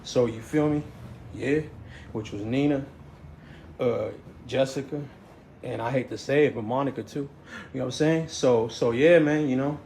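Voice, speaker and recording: A man's voice: mid-range voice, normal speed, gravelly, pauses often, a little mellow. A man, telling a story in a rambling way, stammering and restarting, saying "you know what I'm saying" over and over. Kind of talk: casual storytelling. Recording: echoey room, faint noise.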